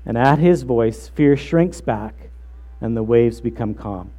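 Male pastor delivering a sermon, relaxed dark tone, deliberate emphatic phrasing. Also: medium pitch, soft background music. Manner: earnest, measured preaching with slow emphatic phrases.

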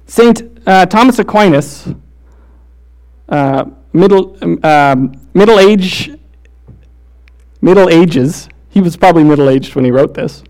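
A man preaching a sermon, swinging between quick casual storytelling full of "like" and "right?" and slow, hushed emphasis. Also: a little high, lively intonation.

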